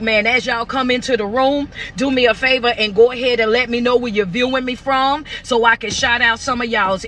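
A woman motivational speaker hosting a phone live stream, energetic and hyped, greeting viewers over and over and urging them to tap in. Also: sits high. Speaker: motivational speaker and life coach.

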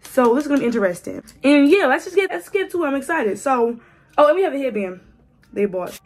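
A young woman in her twenties chatting casually to camera as a beauty vlogger, her voice raspy from a cold, playful and teasing. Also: high voice, animated, quick pace, darkish tone. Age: 20s. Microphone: phone camera.

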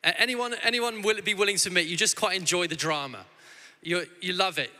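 A man in his thirties preaches with a very bright, forward voice that sits a little high. He talks in a loose, conversational way, often restarting his sentences. The sound carries a long church-hall reverb. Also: brisk. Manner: warm conversational storytelling with frequent restarts. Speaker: guest preacher. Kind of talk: sermon.

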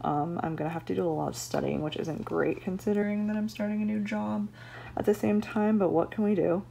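Student girl vlogging casually, lots of likes, creaky low voice, bit of noise behind. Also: steady tone, a little fast, warm tone. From United States. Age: young adult. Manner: chatty, many "like" fillers. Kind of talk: casual vlog chat. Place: home room and campus lab.

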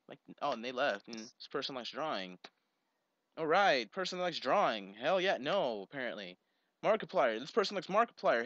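Animated, exasperated man on lo-fi audio. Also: on the high side, no echo. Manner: exasperated, rambling, bursts into loud yelps. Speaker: video creator. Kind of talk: casual commentary while video chatting. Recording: dull lo-fi recording.

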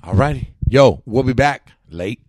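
A man's voice: medium pitch, expressive, unhurried, darkish tone, dry recording. A man hosting a comedy podcast, bantering loosely with friends in slang, calling them homie and dog. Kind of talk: casual joking chat with friends.

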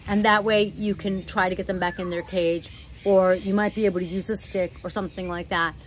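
A woman hosting a parrot channel who gives casual advice at home in a gentle, relaxed, chatty way. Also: medium pitch, a little fast, slight background noise, low-quality recording. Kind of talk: casual instructional talk.

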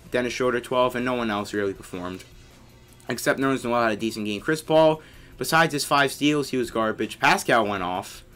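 A young man talking over his basketball video game, his voice bright and forceful. He gets excitable and shouts at his teammates, with faint music playing underneath. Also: mid-range voice. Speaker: gaming YouTuber.

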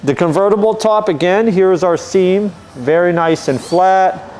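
Walking a camera around a classic car for sale, a car dealer presenter talks casually and methodically, his easygoing speech full of "um" and "uh." His voice is high with a darkish tone and a slightly slow pace, and there's a little hiss or hum.

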